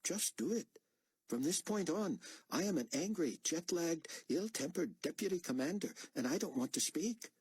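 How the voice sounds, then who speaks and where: Wry older officer voiced by a man, dry, teasing, lilting voice, raised pitch. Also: animated, moderate pace, a little mellow, husky, dry recording.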